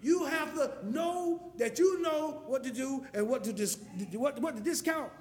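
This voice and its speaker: High-voiced man preaching in an echoey hall. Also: moderate pace, few pauses. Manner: impassioned, storytelling, rising to shouts. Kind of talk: sermon. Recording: echoey hall with long reverb.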